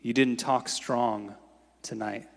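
A man voicing a wise, caring woman of about eighty, who speaks in a slow, low, gentle dialect. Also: steady tone, vocal fry, long reverb tail.

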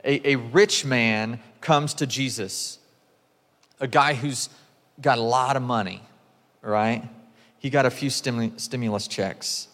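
A man's voice: medium pitch, slow pace, fairly bright tone. A man in his thirties preaching a sermon as pastor, conversational and emphatic, often checking in with the congregation. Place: church sanctuary. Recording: long hall reverb.

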